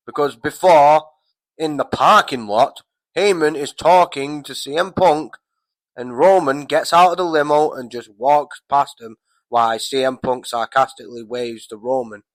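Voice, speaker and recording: Brief: male wrestling vlogger, mid pitch, profane heated rant, dry close sound. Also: dry recording. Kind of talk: casual ranting recap.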